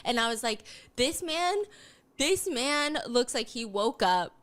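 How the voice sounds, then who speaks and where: A woman hosting a casual chat, telling a story in an animated way. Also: on the high side, slow pace. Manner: animated storytelling, acting out quotes. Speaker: host.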